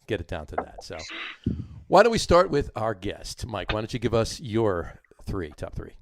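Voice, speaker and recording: A man co-hosting a podcast with a New Jersey accent, his voice sitting on the low side. He rambles through casual talk, full of fillers and restarts. The sound is dry and close to the mic. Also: sing-song, moderate pace, creaky, no room sound. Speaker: podcast co-host. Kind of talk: casual chat.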